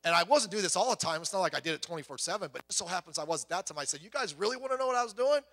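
A man in his fifties preaching a sermon, telling stories with animated voices and swinging from loud to hushed. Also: high voice, racing. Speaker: pastor. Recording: long hall reverb.

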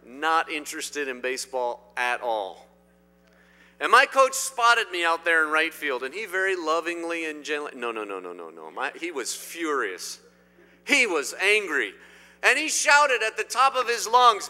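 Emphatic preacher in an echoing church. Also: male voice, on the high side, very animated, moderate pace. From Indiana. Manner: emphatic, swinging between loud declarations and quiet asides. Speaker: pastor. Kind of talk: sermon. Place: church sanctuary. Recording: long hall reverb.

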